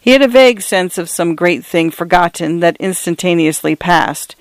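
A man narrating a story in a measured, dramatic way, sometimes turning to speak to the listener directly. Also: high voice, expressive, dry recording.

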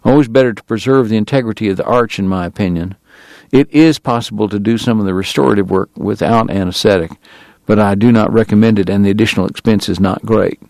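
A man's voice: lowish voice, fast talker, darkish tone, no room sound, natural voice. A man reading the part of a genteel, long-winded dentist in a Southern drawl. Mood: formal. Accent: Southern US drawl, put on. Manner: formal, long-winded, precise.

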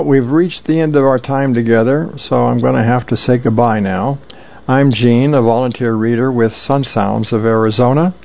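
A man's voice: medium pitch, creaky, a little mellow, muffled recording. A man volunteer reader casually reading comic strips aloud, with fillers. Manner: easygoing, plain storytelling with fillers.

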